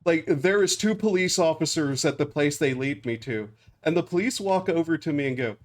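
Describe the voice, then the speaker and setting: A young man streaming a game, telling a rambling story with frequent laughs and flat acted-out quotes. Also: a little high, brisk, hardly any pauses. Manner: rambling, laughs often, acts out quotes flatly. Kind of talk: casual storytelling while gaming.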